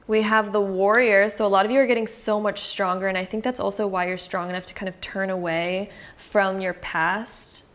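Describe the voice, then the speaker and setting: A woman's voice: medium pitch, steady tone, moderate pace, hardly any pauses, a bit bright. Chatty woman giving a tarot reading. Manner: chatty, reassuring, with frequent fillers like "um" and "like". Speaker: tarot card reader. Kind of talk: casual tarot reading to camera.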